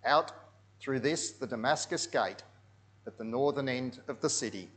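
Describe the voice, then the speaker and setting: A man telling a story in a sermon over pictures, dropping into hushed tones and then rising loud and dramatic. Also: mid-range voice, normal speed.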